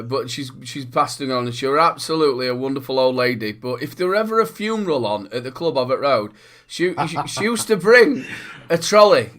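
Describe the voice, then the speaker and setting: Northern English male co-host, high pitch, laughing storyteller, casual chat. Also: fairly bright tone. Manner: laughing storyteller, swears freely. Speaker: podcast co-host.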